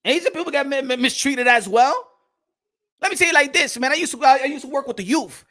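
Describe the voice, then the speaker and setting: A man's voice: very high voice, quick pace, pushed and bright. A man, hosting a boxing show and ranting in a profane, slangy way that keeps repeating itself. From New York. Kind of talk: heated livestream rant.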